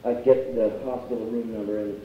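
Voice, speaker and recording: A man's voice: on the low side, level tone, a little fast, a little hiss or hum. A man performing live spoken word, telling a story in a blunt, profane, conversational way. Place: university union hall, live stage. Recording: distant echoey hall, dull live tape.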